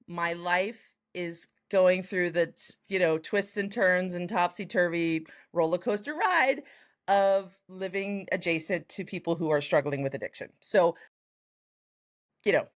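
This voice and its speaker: A woman from Texas, a writer and performer, telling a personal story in an interview, acting out the voices of the people she quotes. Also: unhurried. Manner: lively, acts out quoted voices with big pitch jumps. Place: home in Los Angeles, noise next door.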